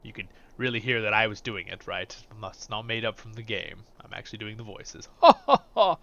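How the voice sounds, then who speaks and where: A man's voice: on the low side, fairly even intonation, brisk, gravelly, pushed and bright, muffled recording. A man hosting a let's-play, chatting directly to his viewers. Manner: chatty, talks straight to viewers. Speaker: host. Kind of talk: let's-play game commentary.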